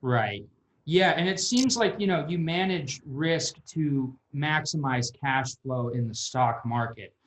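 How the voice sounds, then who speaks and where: A man with a lively, up-and-down voice poses long questions to his guest. His voice rings with the echo of a roomy space, and he fills pauses as he thinks. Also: fairly high pitch. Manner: asks long, searching questions with fillers. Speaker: interviewer. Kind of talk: interview questions.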